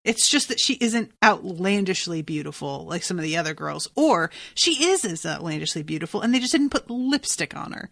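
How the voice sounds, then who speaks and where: Bright, blunt woman podcast host. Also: lowish voice, expressive, brisk, vocal fry, hardly any pauses, no echo. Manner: blunt, exasperated, swears freely. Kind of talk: casual chat recapping a TV episode.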